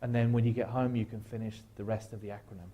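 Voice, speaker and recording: A man, a guest speaker at a church, leading a slow guided reflection with a wry, gentle humor. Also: lowish voice, flat delivery, muffled recording. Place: church sanctuary.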